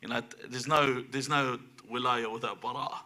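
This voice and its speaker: A man's voice: medium pitch, steady tone, normal speed, very noisy. A man giving a religious lecture to a live audience in a room, driving his points home with emphatic rhetorical questions.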